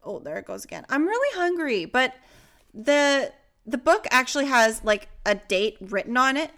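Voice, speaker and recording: Young female podcast co-host, bright voice, giggly and rambling. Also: high-pitched, big pitch swings, moderate pace. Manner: playful, giggly, drifting off topic. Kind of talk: casual chat.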